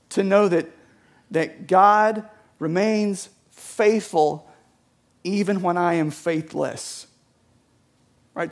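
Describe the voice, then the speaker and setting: A man with a high voice preaching to his church. He talks conversationally, restarting phrases and often checking in with the listeners. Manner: conversational, repeats words, often asks "right?". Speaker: pastor. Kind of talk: sermon.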